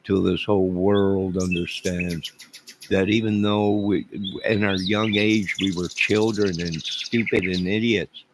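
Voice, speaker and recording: A middle-aged man hosting a live stream talks in a low, flat voice, a little slowly. He rambles and jokes in answer to his chat while birds chirp loudly, making the clip very noisy.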